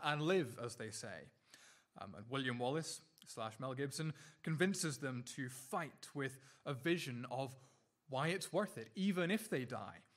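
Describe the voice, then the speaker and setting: A man preaching a sermon earnestly, repeating words and restarting phrases, and slowing down to linger on key lines. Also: medium pitch, a bit bright.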